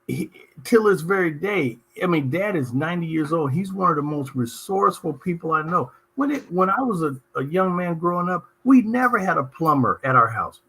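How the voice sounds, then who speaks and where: A middle-aged man from Southern California, hosting a talk show and telling anecdotes in an animated, emphatic way. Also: fairly high pitch, slightly rough. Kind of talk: conversational interview storytelling.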